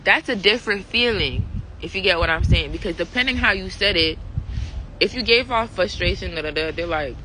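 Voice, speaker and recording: A woman vlogger thinking out loud in a casual, reflective monologue, leaning on fillers and "right?" to check in with her listener. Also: lowish voice, brisk, a little hiss or hum, low-quality recording. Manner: conversational, full of fillers and "right?" check-ins.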